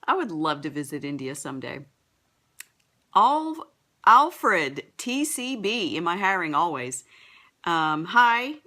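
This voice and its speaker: A woman's voice: on the low side, big pitch swings, takes it slowly, pushed and bright. A middle-aged woman with a Texan accent, a business coach chatting upbeat on a live broadcast and greeting viewers, stumbling over names.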